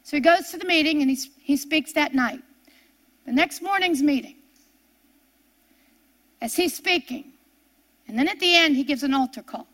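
High-voiced woman preaching a sermon. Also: moderate pace, long pauses. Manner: repeats words and phrases, dramatic swings from emphatic to hushed. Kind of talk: sermon storytelling.

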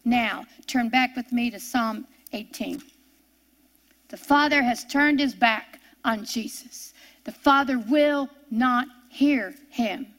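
A woman preaching a sermon, reading scripture aloud with rising passion and dropping to slow, hushed tones for solemn points. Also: a little high.

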